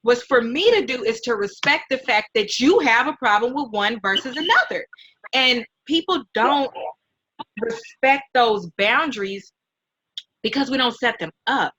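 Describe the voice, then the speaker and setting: A middle-aged woman hosting an interview, talking in a heartfelt, animated, mentoring way. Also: on the high side, unhurried, low-quality recording. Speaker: host and nonprofit founder. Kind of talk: emotional casual interview.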